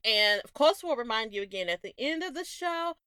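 Southern woman, podcast co-host, lively voice, bright tone, dry close mic, laughs a lot. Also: fairly high pitch, fairly quick, clean tone, no echo. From American South. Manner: giggly, chatty, laughs often. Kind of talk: casual chat.

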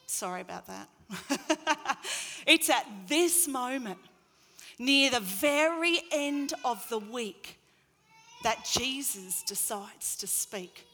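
A woman preaching a sermon in an expressive way, her voice rising into loud calls at its peaks. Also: fairly high pitch, slow pace, in a large hall. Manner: expressive, rising to loud acted crowd cries.

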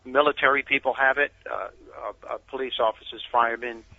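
A man, a guest author, telling animated stories in a casual interview over a muffled phone line. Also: medium pitch, brisk, creaky. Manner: animated storyteller.

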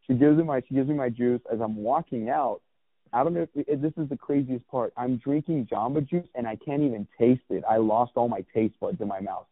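A man's voice: mid-range voice, brisk, no room sound. A man in his thirties telling a personal story as a guest, candid and rambling, with lots of restarts and swearing. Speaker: guest, clothing brand founder. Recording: tinny phone-like dry sound.

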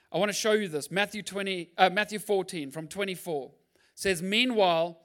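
A male pastor preaching a sermon in an animated, jokey way, acting out Bible scenes. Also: high voice.

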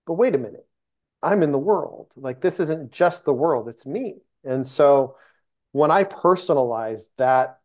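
A man's voice: mid-range voice, darkish tone. Earnest male podcast guest. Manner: earnest, searching for words, with many restarts. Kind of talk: casual faith conversation.

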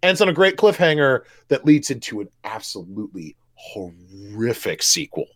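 A man's voice: mid-range voice, sing-song, brisk. A man chatting casually as a podcast co-host, enthusiastic and full of restarts and swearing. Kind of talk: casual movie chat.

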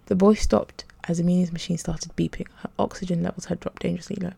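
A woman reading a story aloud softly, often half in a whisper. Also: on the low side, fairly even intonation, fast talker, gravelly, few pauses, breathy edge, dry recording. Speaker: narrator.

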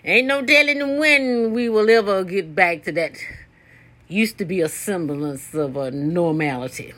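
A woman in her sixties runs a solo podcast as a rambling, unscripted chat. Her voice is bright and cutting, and she swears bluntly as she wanders between subjects. She often shoots up in pitch for emphasis. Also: measured pace. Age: 60s. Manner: sudden jumps up in pitch for emphasis. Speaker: podcast host. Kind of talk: casual rambling monologue.

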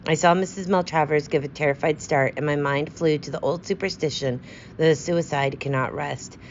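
A woman narrates a story in a steady, measured reading voice. Her pitch sits low. The recording sounds slightly dull, with a faint hiss underneath. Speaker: audiobook narrator. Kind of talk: scripted narration.

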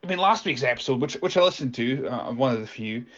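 A man's voice: medium pitch, lively intonation, fast, a bit bright, lo-fi sound. A man voicing a self-important male podcaster who stammers through an indignant voice note. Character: pompous male podcaster leaving a scolding voice note.

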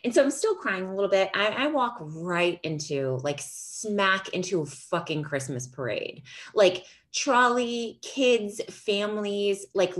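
A woman in casual chat, telling stories in a loose, animated way, laughing often and swearing freely. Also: on the low side.

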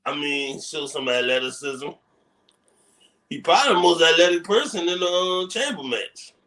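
A man's voice: a little high, animated, normal speed, bright, forceful tone, rough recording. A man co-hosting a casual wrestling podcast, giving laid-back, short replies. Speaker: podcast co-host.

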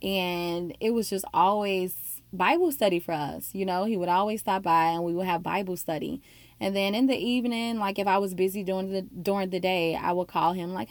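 A woman tells a personal faith story in an earnest, heartfelt way, at times close to tears. Her voice sits at a middle pitch. It is recorded dry and close, with no room sound. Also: normal speed, dry recording. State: emotional, near tears.

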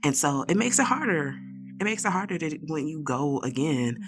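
A woman's voice: low voice, big pitch swings, moderate pace. A woman co-hosting a podcast, talking candidly in casual chat and telling stories with animation. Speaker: podcast co-host. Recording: guitar music playing behind.

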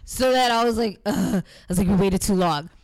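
A woman's voice: mid-range voice, moderate pace. A woman co-hosting a casual chat, telling a story with lots of swearing and acted-out quotes. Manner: animated, swears freely, acts out quotes.

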